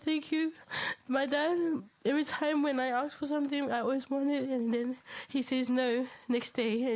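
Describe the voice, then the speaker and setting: A high-pitched young woman speaks at a family funeral service in a chapel. She is emotional and close to tears as she delivers her eulogy, and she stumbles and restarts her words. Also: steady tone, darkish tone. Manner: halting, stumbling over words. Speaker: eldest daughter giving a eulogy.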